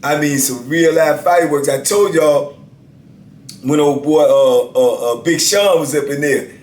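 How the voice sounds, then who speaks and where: A man's voice: a little high, unhurried, darkish tone. A man in his fifties casually telling stories as a channel host, laid-back and peppering his talk with "man" and "you know what I'm saying.". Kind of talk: casual storytelling. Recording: echoey room with faint background hiss.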